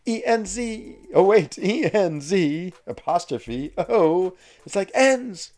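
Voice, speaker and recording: A man's voice: sits high, expressive, slow pace, darkish tone. A man hosting a game livestream, chatting casually with viewers in an upbeat way and laughing often. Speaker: game streamer host.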